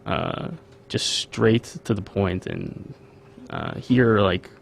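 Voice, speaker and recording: Brief: Young American host, low gravelly voice, chatty and curious. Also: male voice, takes it slowly, slight background noise. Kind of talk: casual interview chat.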